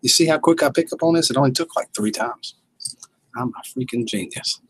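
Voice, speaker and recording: Reading chat comments out loud and replying in folksy Southern style, this livestream host talks fairly quickly. His voice is a little high, gravelly, and fairly bright, with big pitch swings, on a rough recording.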